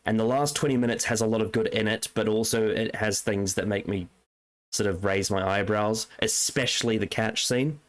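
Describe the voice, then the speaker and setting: A man's voice: fairly low pitch, steady tone, normal speed. A man co-hosting a casual podcast chat. He is hesitant and restarts often when giving his opinions. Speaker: podcast co-host.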